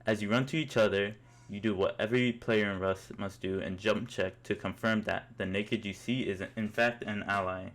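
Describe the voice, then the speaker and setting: A man's voice: on the low side, steady tone, moderate pace, fairly bright tone. A young man narrating a comic story in the second person, in an amused, mock-epic way.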